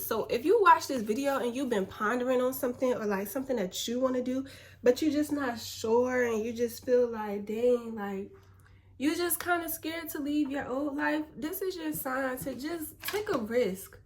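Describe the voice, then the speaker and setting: A young woman in a relaxed, slangy motivational chat, calling her viewers "baby". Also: fairly high pitch. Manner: laid-back, slangy, spiritual encouragement, calls viewers "baby". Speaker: vlogger.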